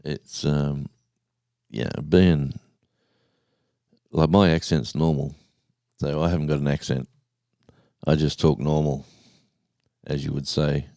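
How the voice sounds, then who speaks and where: Deep gravelly man in his sixties. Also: steady tone, dark tone, no echo, studio quality. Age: 60s. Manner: rambling, halting, with many restarts and fillers. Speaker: live stream host. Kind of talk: casual live-stream chat, reading out viewers' comments.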